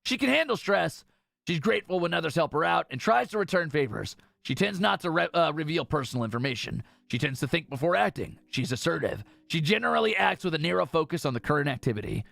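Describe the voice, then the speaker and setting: A man streaming a game in casual commentary, reading game text aloud with excited asides. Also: fairly high pitch, fast, gravelly, dry recording.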